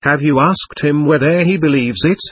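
A man reading the part of a gentle, devout young man, speaking softly and hesitantly in a husky voice. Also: fairly high pitch, normal speed, no room sound. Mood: anxious. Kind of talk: audiobook reading.

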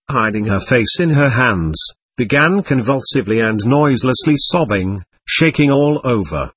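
Male audiobook narrator; husky, expressive, dry close sound. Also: medium pitch, dry recording. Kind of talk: scripted narration.

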